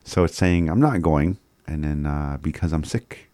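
A man's voice: rumbling low, moderate pace, hardly any pauses, mellow, dry recording. A man working through a list of phrases aloud as a teacher, thinking as he goes and chuckling often. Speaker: language teacher.

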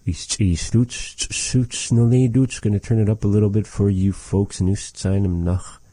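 A man giving a casual vocabulary lesson, repeating each word slowly and adding chatty, joking asides. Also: lowish voice, steady tone, warm tone, no echo. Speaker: language teacher.

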